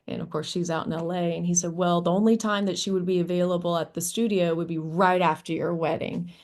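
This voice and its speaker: A woman from Kentucky, a guest musician, telling stories in a casual interview, animated and laughing often as she acts out quotes. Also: fairly low pitch, a little fast. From Kentucky, USA. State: hoarse.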